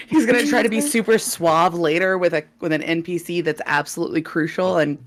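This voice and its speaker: A woman playing her character in a tabletop game, playful and quick to laugh. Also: fairly low pitch. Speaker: player.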